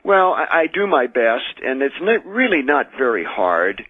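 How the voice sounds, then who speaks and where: An American man speaks as a radio interview guest over a tinny phone line. His voice is slightly husky and dry, and he tells his stories earnestly, restarting phrases as he goes. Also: medium pitch, sing-song, no room sound. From United States. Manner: measured, earnest storytelling with frequent restarts. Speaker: exorcist and minister, radio guest. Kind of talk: radio call-in interview, recounting experiences. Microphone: telephone.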